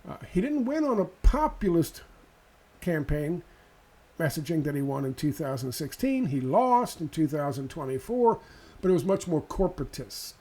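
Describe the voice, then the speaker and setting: A man's voice: a little high, big pitch swings, moderate pace, dark tone. A man ranting sarcastically and profanely in a political video commentary.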